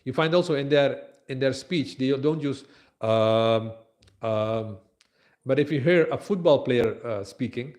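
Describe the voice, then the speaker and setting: A man giving a conversational scripture lecture at a temple, with frequent fillers and pauses. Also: medium pitch, a little mellow.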